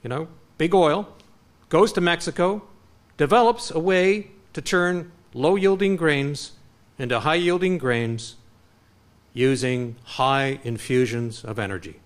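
A middle-aged man from Canada giving an impassioned public lecture, with frequent restarts and animated delivery. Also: on the high side, measured pace. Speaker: guest speaker.

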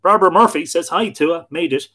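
A man's voice: on the high side, a little fast, sharp tone. Chatty Irish man hosting a live stream. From Ireland. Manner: friendly, chatty, greeting viewers by name. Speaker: host of a live online show. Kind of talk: casual live-stream chat, reading out comments.

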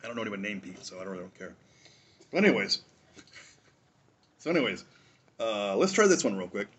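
A man's voice: on the low side, sing-song, fairly quick, fairly bright tone, slightly rough. A man hosting a casual drinks review show, rambling through a tasting with jokes, asides and chuckles.

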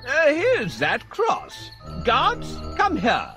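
A nervous cartoon king with a very high, wildly swooping voice. He speaks slowly and theatrically, begging and bossing by turns, over soft music. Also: wildly swooping pitch, heavily acted. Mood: commanding. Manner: theatrical, pleading. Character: fretful pleading old king.

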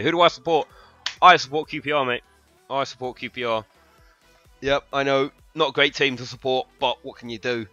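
A young man from London with a London English accent, chatting excitably to viewers and swearing freely while commentating his own football game. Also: mid-range voice, a little fast, dry recording, dull audio, soft background music. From London, England. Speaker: gaming streamer. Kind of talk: live gameplay commentary.

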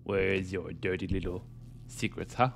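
A man giving jokey let's-play commentary on a horror game, talking to himself and breaking into panicked yelling. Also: sits low, steady tone, moderate pace, creaky, slight background noise. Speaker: gaming YouTuber.

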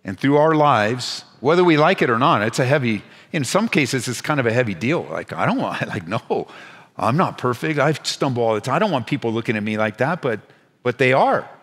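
A man preaching to his congregation, his voice sitting in an ordinary middle pitch. He presses points with urgent rises, then drops to hushed, low asides. Long reverb from the church hall trails after his words. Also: expressive, fairly quick. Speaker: pastor. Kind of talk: sermon. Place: church sanctuary.

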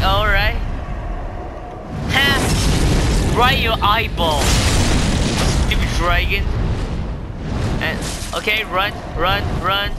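A man giving panicky live gameplay commentary, yelping and repeating words as he plays. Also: high voice. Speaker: gaming YouTuber. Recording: loud game noise behind the voice.

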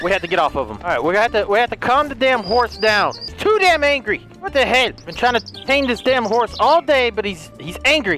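A young man with a high, bright voice commentates his own gameplay. His delivery swings widely up and down, excitable and playful, with casual swearing. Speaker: gaming YouTuber.

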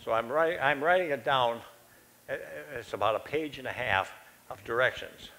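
A man's voice: mid-range voice, moderate pace, pushed and bright, poor audio. An older man preaching a sermon in a church, telling a personal story in a folksy, conversational and self-deprecating way.

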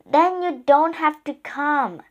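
Eager little girl, excitable and bright-voiced, put on by a woman reading a storybook. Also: high voice, slow, muffled recording, voice pushed up. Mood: insistent. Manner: bubbly, shouting with excitement. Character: eager excitable seven-year-old girl.

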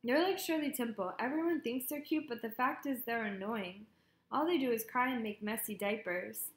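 A woman's voice: fairly high pitch, normal speed. Woman reading an audiobook in an echoey room. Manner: wry, lively storytelling. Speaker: audiobook narrator. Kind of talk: scripted first-person narration.

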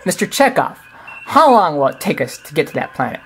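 A calm, commanding starship captain with a steady low delivery, as a woman reads him. The voice stays rather lively in pitch. A homemade audio story. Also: brisk, a little hiss or hum.

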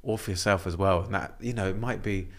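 Low-voiced young guy on a podcast, laid back, thinking out loud. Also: fast. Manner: relaxed, reflective, loosely phrased. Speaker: podcast guest. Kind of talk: casual conversation.

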